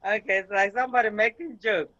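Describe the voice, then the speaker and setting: A man's voice: high-pitched, fairly even intonation, fast talker, sharp tone, muffled recording. A man teaching an online language lesson, patiently drilling words syllable by syllable over a video call.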